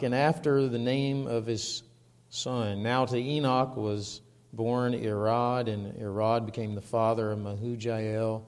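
A man preaches slowly and deliberately, leaning hard on each phrase as he reads scripture. His voice carries the long reverb of a large hall. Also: medium pitch, darkish tone. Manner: slow, deliberate, emphatic, reading scripture aloud. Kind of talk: sermon.

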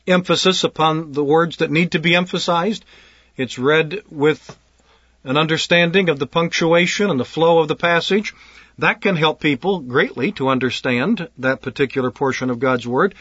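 A pastor speaking to would-be preachers in an earnest, deliberate way, often repeating words as he gathers his thoughts. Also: fairly high pitch, fairly bright tone, breathy edge, dry recording. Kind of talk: instructional talk on preaching. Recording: dull lo-fi dry recording.

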